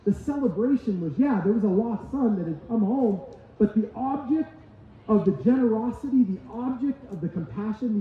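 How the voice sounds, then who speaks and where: A pastor preaches with emphatic, repeated phrases in a high voice. His sermon sounds tinny and phone-like, and heavy church echo surrounds it with faint noise behind. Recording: echoey hall, tinny lo-fi sound.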